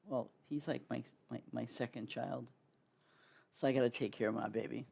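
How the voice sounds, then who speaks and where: A woman's voice: a bass voice, steady tone, normal speed, gravelly, a little mellow, husky. Lady streamer just chatting away, lots of ums and restarts, casual sign-off. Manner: chatty, rambling, many fillers and restarts. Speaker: game streamer.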